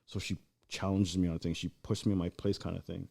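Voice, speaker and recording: A man chatting as a podcast guest, rambling with lots of restarts and fillers, getting animated as he tells stories. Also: low-pitched, brisk, vocal fry, husky. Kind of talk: casual chat.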